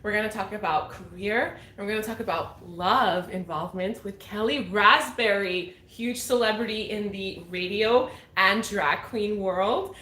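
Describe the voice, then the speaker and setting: A woman's voice: mid-range voice, moderate pace, hardly any pauses, sharp tone. A woman hosting a live talk show, chatting in an upbeat and encouraging way. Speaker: host. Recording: echoey room.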